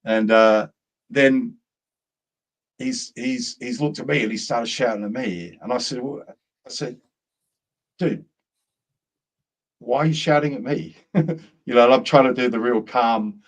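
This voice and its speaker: Lively rambling storyteller man. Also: mid-range voice, unhurried, long pauses. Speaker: co-host. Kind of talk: casual chat.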